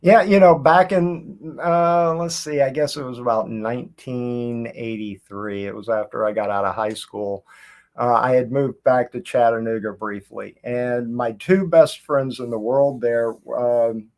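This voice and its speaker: A man in his fifties from Tennessee, a guest telling long stories in a relaxed chat over a video call. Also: medium pitch. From Tennessee, USA. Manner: unhurried, rambling storyteller. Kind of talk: casual chat.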